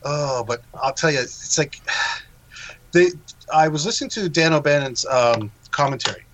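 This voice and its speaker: A man's voice: on the high side, measured pace, a bit bright, no room sound, low-quality recording. A man co-hosting a podcast, chatting casually about a film, laughing often and acting out quotes.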